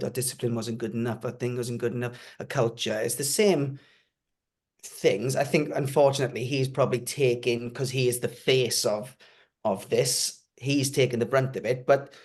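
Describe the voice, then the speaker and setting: A man's voice: mid-range voice, a little mellow. A man on a podcast panel, giving thoughtful, opinionated takes and hedging with "I think". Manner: reflective, opinionated, hedges with "I think". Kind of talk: casual podcast chat.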